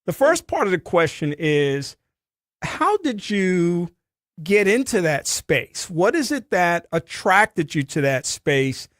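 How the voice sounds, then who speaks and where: Higher-voiced male radio host. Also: sing-song, takes it slowly, fairly bright tone, no room sound, clean studio sound. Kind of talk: radio interview.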